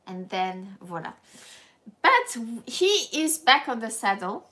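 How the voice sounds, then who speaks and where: Animated French-accented woman teaching live. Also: a little high, takes it slowly. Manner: animated, playful, laughs often, slips into French. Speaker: language teacher. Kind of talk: live-streamed language lesson.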